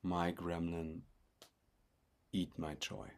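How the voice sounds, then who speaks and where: Man, lowish voice, eager and animated, stop-start phrasing, video call. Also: creaky. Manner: animated and enthusiastic, with halting restarts. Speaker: research partner. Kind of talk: reflective conversation.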